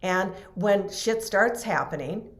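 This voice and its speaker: A woman's voice: medium pitch, takes it slowly. A middle-aged woman, a podcast guest, tells a personal story in earnest, emotional conversation, often restarting her sentences.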